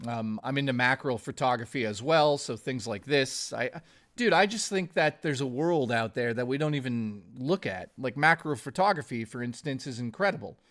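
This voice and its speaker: A man's voice: mid-range voice, lively intonation, moderate pace, a bit bright. Rambling, foul-mouthed male streamer. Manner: rambling, swears often, addresses viewers as dude and guys. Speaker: gaming streamer. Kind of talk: casual live-stream chat.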